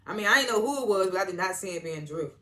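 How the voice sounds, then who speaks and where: A reviewer giving a casual, animated recap of a TV episode, with loose, chatty talk full of asides and restarts. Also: medium pitch, very fast. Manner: animated retelling, slipping into quoted lines and laughing.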